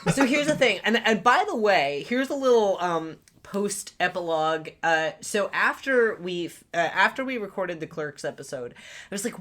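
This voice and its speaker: A woman's voice: fairly low pitch, expressive, moderate pace, fairly bright tone. A woman co-hosting a podcast, reviewing a show in casual chat, blunt and exasperated, swearing freely. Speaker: podcast co-host.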